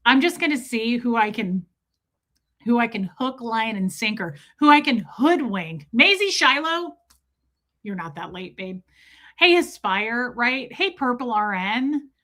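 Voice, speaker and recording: Bright-voiced woman hosting a livestream. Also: a little high, expressive, unhurried. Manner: chatty, candid, reads comments aloud. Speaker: livestream host reading chat. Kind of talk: casual livestream chat.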